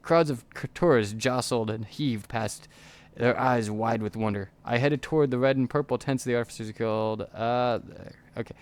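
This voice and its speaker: A man with a smooth, clear voice reads a text adventure aloud as a let's player. His pitch sits in an ordinary middle range. He moves quickly and often trips over words, then restarts. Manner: reads quickly with frequent stumbles. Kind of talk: reading a text game aloud.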